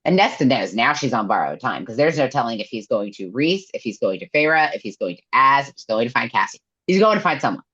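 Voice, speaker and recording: Lady w a really low voice, animated storytelling, acts out quotes, kinda muffled recording. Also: fast, few pauses, husky. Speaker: podcast co-host. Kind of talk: casual book recap chat. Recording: dull lo-fi sound.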